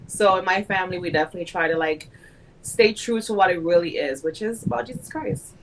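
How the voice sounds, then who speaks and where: A woman with a somewhat low voice talks earnestly and with some hesitation on a casual podcast. A faint hiss runs under her voice. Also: fast. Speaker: podcast co-host.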